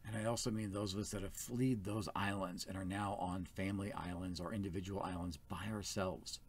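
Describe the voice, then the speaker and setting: Earnest low-voiced man giving a sermon. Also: fairly even intonation, a little fast, slight background noise. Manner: earnest, pastoral, plain-spoken. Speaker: first elder of a small church.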